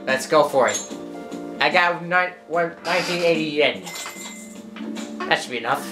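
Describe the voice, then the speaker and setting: A woman's voice: sits low, moderate pace, echoey room. A woman giving chatty let's-play commentary, often stumbling over her words as she reads game lines aloud. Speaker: gameplay commentator. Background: game music.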